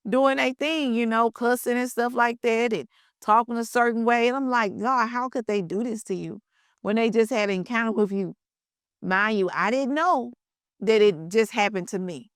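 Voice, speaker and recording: A woman's voice: medium pitch, fairly bright tone, clear, resonant tone, no room sound, studio quality. A woman host telling a personal faith story in a casual, conversational way. She speaks colloquially and talks straight to her listeners. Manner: conversational, addresses listeners as y'all, colloquial grammar. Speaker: podcast host sharing her testimony.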